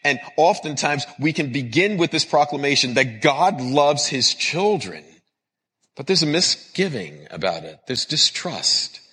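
Drawing on his experience as a counselor, a man who is also a pastor preaches earnestly in a repetitive, sing-song, unhurried cadence. His slightly high voice sounds bright, forceful, and a bit husky as it echoes through a large hall's long reverb.

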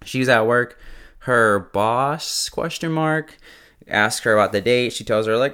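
A man casually recapping a TV episode beat by beat, chatty and quick to joke and laugh. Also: mid-range voice, pushed and bright, smooth. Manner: chatty, laughs often, quips. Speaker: show reviewer.

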